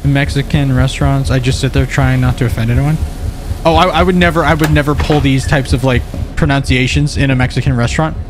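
A young man playing a video game live, chatting and joking with his viewers and reacting loudly to what happens on screen. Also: medium pitch, fairly even intonation, fast, over music. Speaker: streamer. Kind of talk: let's play commentary.

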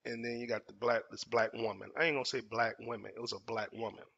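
A fast-talking Dallas man in his 40s, a storytelling host, shares a personal story with casual emphasis and repeated phrases. His mid-range voice is creaky and sharp, with little pitch movement. The recording sounds dull and lo-fi.

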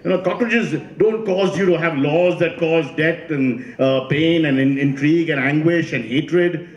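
A man performs stand-up and keeps quizzing and teasing his audience. His voice sits a bit high, and the sound carries a strong room echo. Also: unhurried, muffled recording. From India. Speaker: comedian. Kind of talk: stand-up comedy.

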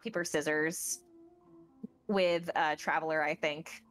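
A woman's voice: sits low, fairly even intonation, takes it slowly, fairly bright tone, faint music behind. Bubbly woman gushing in casual chat. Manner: bubbly, gushing, lots of fillers. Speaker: guest voice actor. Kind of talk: casual chat on a game stream.

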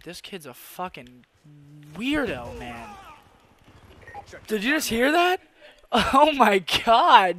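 A young man giving casual commentary over his own gameplay, excitable, swearing a lot and laughing between rants. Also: sits high, a little hiss or hum. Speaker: gaming YouTuber.

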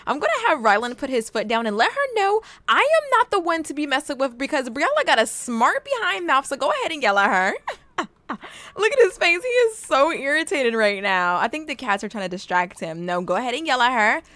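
Young female let's play host with a bright, lively voice, casual and teasing, dry close-miked. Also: high voice, fairly quick, no room sound. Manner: chatty, teasing, laughs often at the game. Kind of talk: casual gameplay commentary.

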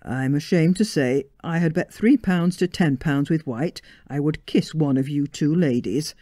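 Woman doing a gallant but sheepish young husband, hesitant, low and dark-toned, dry close sound. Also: measured pace, dry recording. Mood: earnest, tender.

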